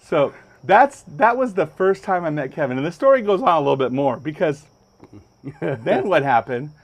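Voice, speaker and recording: A man hosting a podcast, telling a story with lots of energy and jumping up high when he acts out other people's lines. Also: big pitch swings, normal speed. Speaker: podcast host. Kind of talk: animated storytelling. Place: podcast studio.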